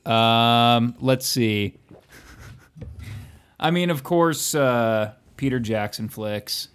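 A man's voice: medium pitch, animated, very slow, fairly bright tone, clear, resonant tone. A man co-hosting a podcast over a remote call, teasing dryly with lots of hesitant fillers. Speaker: podcast co-host. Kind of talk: casual podcast chat.

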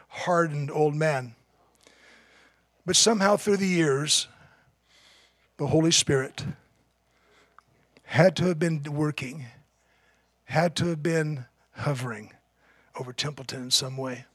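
A man's voice: fairly high pitch, fairly even intonation, measured pace, pauses often, a bit bright, dry recording, studio quality. A man preaching a sermon as pastor, telling a story in an earnest, emphatic way.

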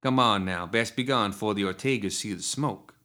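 A man voicing a huge horned monstrous woman with a very deep, smoky voice, ladylike and dry. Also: pushed and bright. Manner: slow, dry and prim.

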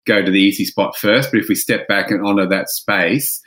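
A man co-hosting a podcast, calmly explaining ideas in a reflective way. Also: on the low side, brisk. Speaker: podcast co-host. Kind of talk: casual podcast interview.

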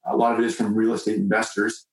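Male guest from Canada, relaxed and chatty, echoey room sound. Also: on the low side, quick pace. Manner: easygoing, with frequent fillers. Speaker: guest, real estate investor. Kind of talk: casual interview talk.

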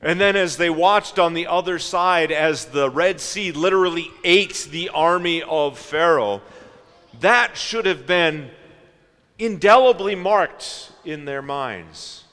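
A man preaching a sermon in a slow, reflective way, asking his listeners questions. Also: a little high, bright, forceful tone, big-room sound.

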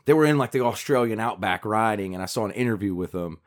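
A man's voice: on the low side, fast. A man from the States, co-hosting a podcast in rambling, self-deprecating casual chat. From Southern United States. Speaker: podcast co-host.

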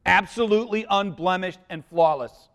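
A pastor preaching a sermon to a congregation, swinging between loud emphasis and quiet, hushed lines and putting questions to the listeners. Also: male voice, high-pitched, moderate pace.

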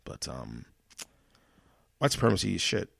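A man's voice: sits low, big pitch swings, measured pace, creaky, a bit bright, slightly rough, dry recording. A man hosting his own podcast, ranting alone in a profane, exasperated way with many restarts. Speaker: podcast host. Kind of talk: solo ranting monologue.

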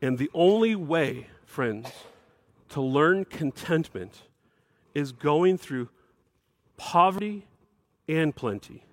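A middle-aged man delivers a sermon as pastor in a somewhat high voice. He preaches emphatically, often climbing higher on key phrases. The sound is dry and close, with no room echo. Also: expressive, slow, pauses often. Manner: emphatic preaching, rising to bursts of higher pitch.

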